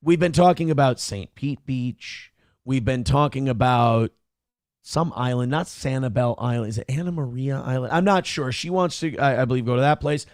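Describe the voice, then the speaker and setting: A man's voice: medium pitch, normal speed, no echo, studio quality. A man hosting a morning show, talking in a crude, profane and mocking way as casual opinionated chat.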